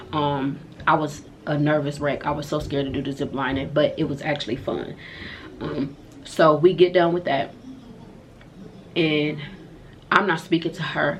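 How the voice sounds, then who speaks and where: A woman's voice: low voice, a little hiss or hum. A young woman vlogger telling a story to her viewers in a candid, slangy and emphatic way. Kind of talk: storytime vlog.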